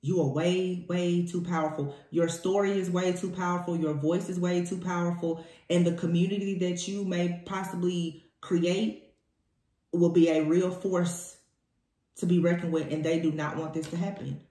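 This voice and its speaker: A woman's voice: fairly low pitch, little pitch movement, moderate pace, dark tone. A woman giving a spoken tarot reading, emphatic and repeating her key phrases for weight. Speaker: tarot reader. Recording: echoey room.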